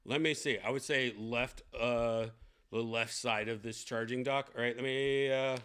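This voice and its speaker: A man's voice: medium pitch, fairly even intonation, measured pace, fairly bright tone, clear, resonant tone. A young man giving blunt, profane unboxing commentary, ranting with lots of fillers. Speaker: tech vlogger unboxing a VR headset.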